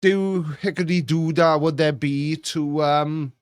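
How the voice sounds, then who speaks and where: A man's voice: on the high side, slow pace, smooth, no echo. Guy riffing on comments, rambly and teasing, dry close sound. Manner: rambling, mocking and animated. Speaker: host reacting to viewer comments. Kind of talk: casual chat.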